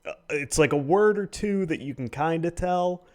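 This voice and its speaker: A man's voice: a little high, normal speed. A young married man co-hosting a casual drinking stream, teasing his friend and chuckling often. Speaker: co-host.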